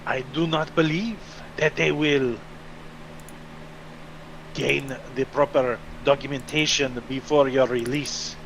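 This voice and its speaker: Man playing a quiet, formal official. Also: mid-range voice, slight background noise, poor audio.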